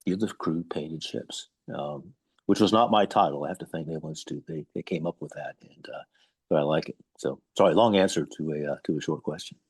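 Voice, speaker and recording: American man in his fifties, very low voice, slightly husky, podcast guest telling stories. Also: a little fast, no room sound. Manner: animated anecdotes, frequent ums. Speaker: retired navy captain guest. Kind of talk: conversational podcast interview.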